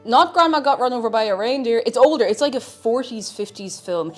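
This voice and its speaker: A woman's voice: fairly high pitch, brisk, hardly any pauses, faint music behind. An Irish woman streaming casually while she cooks, chatty and a bit scatterbrained, humming little tunes between thoughts. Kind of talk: casual live-stream chat while cooking.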